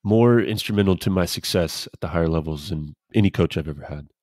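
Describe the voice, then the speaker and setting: A man co-hosting a casual podcast, a former pro pitcher telling laid-back, rambling stories. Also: quick pace, darkish tone, dry recording. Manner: laid-back, rambling anecdotes with quoted dialogue. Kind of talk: casual storytelling chat.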